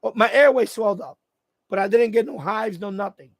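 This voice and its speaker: The host of a radio hobby channel, whose voice is high and gravelly, chats casually and a little fast on a live stream from inside his home. He meanders through a story, restarting sentences often, and the sound is close and dry with no room around it.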